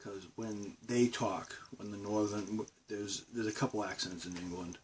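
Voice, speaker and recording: A man in his twenties from Boston, with a Boston accent, talking casually on a vlog in a rambling, halting way full of fillers and restarts. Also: fairly low pitch, fairly even intonation, husky. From Boston, Massachusetts. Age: 20s. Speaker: vlogger. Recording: distant mic with faint background noise.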